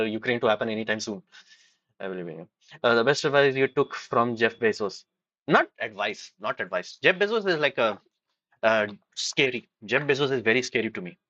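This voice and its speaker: A man's voice: mid-range voice, pushed and bright, dry recording, muffled recording. A man hosting a casual livestream, giving rambling, opinionated commentary full of fillers and restarts, mocking his critics in imitated voices. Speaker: livestream host.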